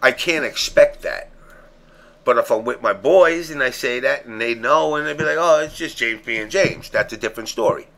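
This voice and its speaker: A man's voice: mid-range voice, moderate pace, creaky. A man hosting a casual stream show, talking bluntly with a lot of swearing. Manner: blunt, profane, animated. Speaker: show host.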